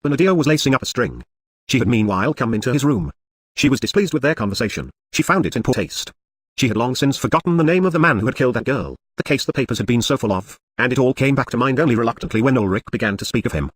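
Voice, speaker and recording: A man reading a literary novel aloud as an audiobook narrator, in a brisk, even manner. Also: mid-range voice, slightly rough, no room sound. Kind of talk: scripted narration.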